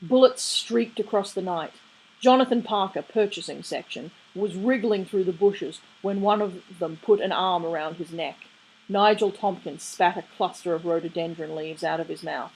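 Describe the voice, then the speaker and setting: A woman reading a novel aloud in a steady storytelling way. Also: lowish voice, normal speed, vocal fry, husky, rough recording. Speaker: reader. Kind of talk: audiobook reading.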